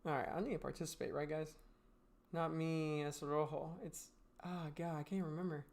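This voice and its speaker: A man's voice: on the high side, steady tone, normal speed, slight background noise. A man streaming while gaming, chatting casually with viewers, swearing, laughing, and giving blunt trading advice. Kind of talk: casual livestream chat answering viewer questions.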